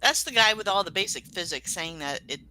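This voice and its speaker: A woman's voice: lowish voice, animated, brisk, pushed and bright, poor audio. A woman from Connecticut chatting casually as a co-host, agreeing often and laughing lightly. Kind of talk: casual chat.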